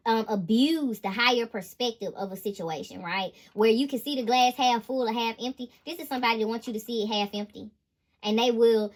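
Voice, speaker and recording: A woman reads tarot cards in an emphatic, slangy monologue. Her voice is bright and sharp. She talks with lively energy and laughs often. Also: fairly high pitch. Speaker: intuitive tarot reader.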